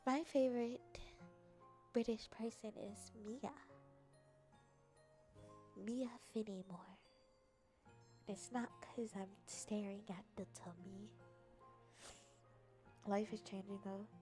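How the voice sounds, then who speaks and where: A woman's voice: mid-range voice, steady tone, takes it slowly, pauses often, warm tone. A woman streamer in casual, rambling chat, teasing and joking as she reads comments aloud. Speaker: VTuber streamer. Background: faint background music.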